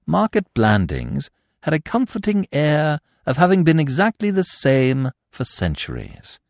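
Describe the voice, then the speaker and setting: A man narrating a classic novel in a lively, expressive storytelling manner. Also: lowish voice, dry recording, clean studio sound.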